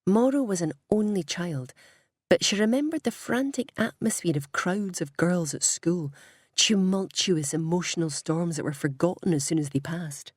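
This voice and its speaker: Husky woman reading an audiobook. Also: fairly low pitch, moderate pace, no echo, studio quality. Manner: expressive reading, voicing each character. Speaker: audiobook narrator. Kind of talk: audiobook narration.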